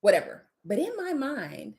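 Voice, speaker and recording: A woman's voice: high voice, moderate pace, very noisy. A woman telling a story in casual chat, swearing freely and acting out what people said. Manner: animated, swears freely, acts out quoted lines.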